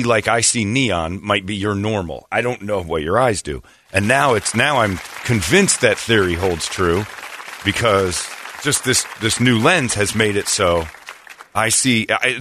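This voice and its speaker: Deep-voiced radio host spinning a yarn. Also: male voice. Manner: rambling, animated storyteller with a jokey, irreverent edge. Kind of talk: casual on-air banter.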